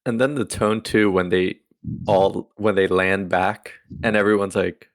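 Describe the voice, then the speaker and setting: Low-voiced man, hesitant chat. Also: fairly even intonation, a little slow, creaky. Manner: hesitant, filler-heavy. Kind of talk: casual movie discussion.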